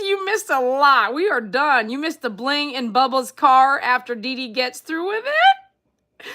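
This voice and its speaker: A woman chats away on her live stream in a high, bright voice. She reads viewer comments aloud, giggles often, and keeps a playful, chatty tone. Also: sing-song, slow. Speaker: livestream host reading chat. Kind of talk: casual live-stream chat.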